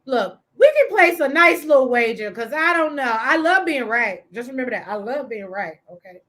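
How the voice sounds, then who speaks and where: A woman's voice: high voice, sing-song, moderate pace, fairly bright tone. A woman co-hosting a casual TV recap show, reading viewer comments aloud and laughing as she talks.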